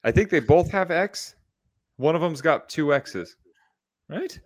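A man's voice: on the high side, lively intonation, unhurried. A young man co-hosting a podcast in casual, joking chat, full of "dude" and "bro". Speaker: podcast co-host.

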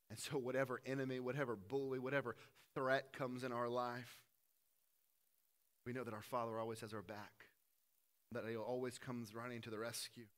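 A man preaching a sermon, swinging between loud emphasis and quiet, earnest moments. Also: medium pitch. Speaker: pastor.

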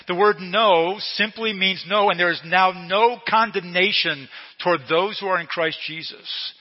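A middle-aged male pastor preaching a sermon slowly and emphatically, repeating key phrases. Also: on the high side, fairly even intonation. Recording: long reverb in a hall, dull lo-fi sound.

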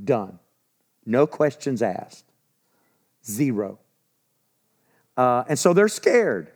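A man's voice: medium pitch, a little mellow. A man teaching a sermon in a conversational, emphatic way, repeating key points. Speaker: pastor.

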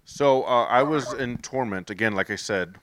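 A man's voice: medium pitch, moderate pace, a bit bright, no room sound, studio quality. Earnest man telling his testimony. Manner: earnest, rambling with restarts. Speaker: speaker sharing his testimony. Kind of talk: testimony talk to a group.

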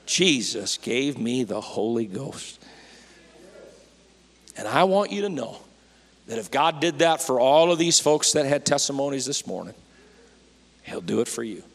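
A man preaching to his congregation, folksy and fervent, his voice climbing to shouted peaks. His voice sits in an ordinary middle pitch. The hall's long reverb trails after each phrase. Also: expressive, normal speed, vocal fry. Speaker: pastor. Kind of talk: Pentecostal-style sermon. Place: church sanctuary.

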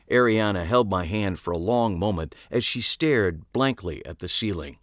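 A man's voice: lowish voice, lively intonation, normal speed, few pauses, dry recording. A man narrating a story in the first person, dry and wry in tone. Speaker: audiobook narrator.

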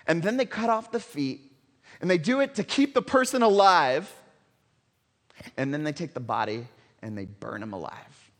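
Man preaching a dramatic sermon, hall reverb. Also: a little high. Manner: dramatic storytelling, swings between loud and hushed. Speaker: pastor.

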